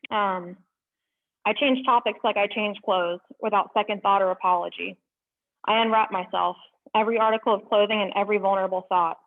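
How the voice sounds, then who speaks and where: A young woman at an open mic, reading poems aloud with earnest, halting asides between them. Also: medium pitch, steady tone. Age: young adult. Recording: tinny phone-like sound.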